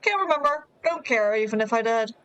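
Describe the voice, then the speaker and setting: A woman voicing an arrogant male high-school bully, reading his taunting lines from a dating game. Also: animated, a little fast, a bit bright, clean tone, dry recording, muffled recording. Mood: smug. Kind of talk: reading a game's lines aloud.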